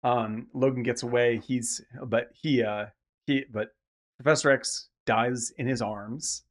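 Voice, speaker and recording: A man in casual film-podcast chat, talking at a middling pitch. He retells scenes with lively, animated energy and drops in acted-out lines. His delivery is loose and conversational, with some swearing. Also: a little slow. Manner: animated, acts out characters' lines mid-story. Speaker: podcast co-host.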